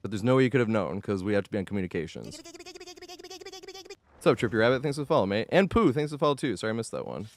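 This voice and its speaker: A man commentating his own live gameplay stream in a chatty way, shouting at the game when it goes wrong and then apologizing, and thanking viewers as he plays. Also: mid-range voice, huge pitch swings, fast talker.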